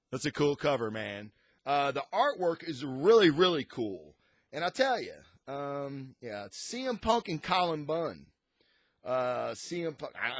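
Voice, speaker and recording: A man's voice: mid-range voice, fairly bright tone, no room sound. Man, casual comic review chat, enthusiastic rambling, dry close-miked voice. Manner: rambling and enthusiastic, frequent restarts. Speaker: comic book reviewer, show host.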